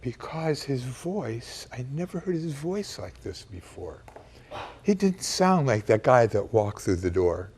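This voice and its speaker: An older man telling a personal memory in a reflective, emotional way, dropping to a hush at times. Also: mid-range voice, sing-song, a little slow, slight background noise. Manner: reflective and emotional, with quiet hushed passages. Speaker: storyteller recounting a personal memory. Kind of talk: personal storytelling to camera.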